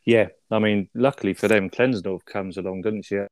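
A man's voice: on the low side, steady tone, normal speed, no room sound. Chatty man, dry close sound. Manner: chatty, uses tag questions, swears. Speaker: film podcast co-host. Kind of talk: casual film review chat.

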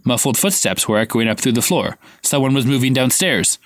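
A man reads a novel aloud for a podcast, acting out the dialogue lightly at a middle pitch. The sound is dry and close, with no room around it. His delivery stays relaxed and conversational. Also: brisk, dry recording. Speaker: podcast co-host reading aloud. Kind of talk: casual read-aloud of a novel with banter.

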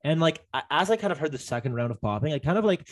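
A man's voice: fairly high pitch, very animated, racing. A young man in casual chat, telling a long story with lots of fillers and restarts. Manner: rambling, many fillers and restarts.

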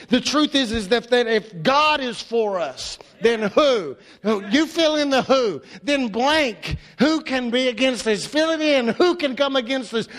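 A male pastor preaching with a very high voice, stressing words by repeating them and sweeping from hushed lows to ringing highs. His sermon rolls through a hall with long reverb. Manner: impassioned, repeats words, drops low and rises high for emphasis.

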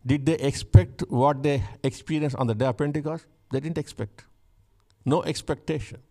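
A man's voice: a little high, moderate pace, dark tone. A male pastor preaching a fervent sermon, repeating key phrases for emphasis.

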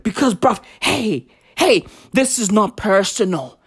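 A comedian with a South African accent, delivering a profane, shouty sarcastic rant full of "bruv". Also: mid-range voice, expressive, slow pace, slightly rough.

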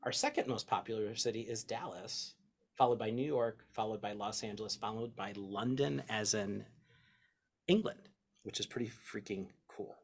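A man hosting a casual podcast chat, excitable, swearing freely and reading out long lists. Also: fairly low pitch, moderate pace. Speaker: podcast host.

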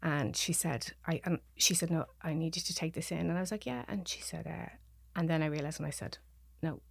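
Dublin irish woman, lowish gravelly voice, halting retelling, dry close sound. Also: no room sound. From Ireland. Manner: halting, restarting sentences, voicing others' words. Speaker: podcast guest. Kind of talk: personal story told in conversation.

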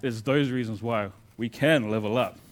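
A male pastor preaching a sermon in a conversational storytelling way, moving between loud emphasis and quiet asides. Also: mid-range voice, moderate pace.

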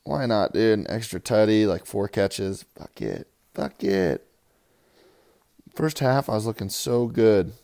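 Gravelly, crude fantasy football guy. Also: lowish voice, moderate pace, few pauses. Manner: crude, rambling, swings from loud hype to mumbling. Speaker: fantasy football league player. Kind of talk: profane casual recap.

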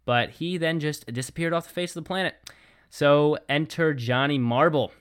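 A man's voice: a little high, normal speed, clear, resonant tone. A man co-hosting a podcast in a laid-back, rambling way, often laughing. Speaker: podcast co-host. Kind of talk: casual podcast chat.

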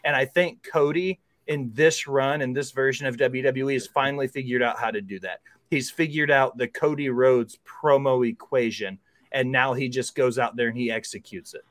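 A man's voice: medium pitch, moderate pace, a bit bright, no room sound. A man guesting on a wrestling podcast, joking, teasing and swearing casually as he chats. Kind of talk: casual wrestling review chat.

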